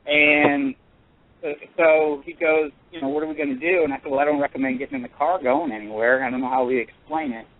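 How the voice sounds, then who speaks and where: Halting male caller over a tinny phone line. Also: mid-range voice, fairly even intonation. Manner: halting, earnest, full of pauses and restarts. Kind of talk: telling a personal story on a radio call-in.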